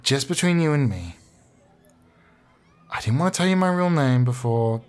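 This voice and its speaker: A man improvising a comedy sketch, talking in a blustering, sweary, mock-calm way. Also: medium pitch, moderate pace, smooth. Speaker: comedy podcast host.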